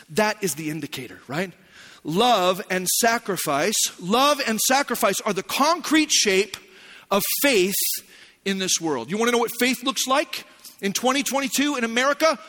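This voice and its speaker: A middle-aged male pastor from Arizona, preaching a sermon with a personal story, animated and swinging from shouts to hushed lines. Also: high-pitched.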